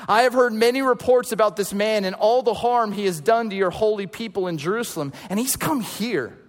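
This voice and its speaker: A man voicing an anxious disciple who raises worried objections. He sounds uneasy and questioning. The high voice rings out with long hall reverb. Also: brisk, natural voice. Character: Ananias, anxious male disciple.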